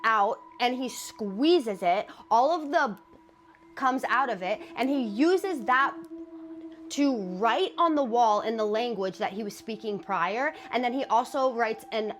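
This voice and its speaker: A woman narrating a true scary story to her followers in a casual, dramatic way, slowing down for the grisly details. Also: on the high side, lively intonation, a little hiss or hum. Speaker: horror storyteller.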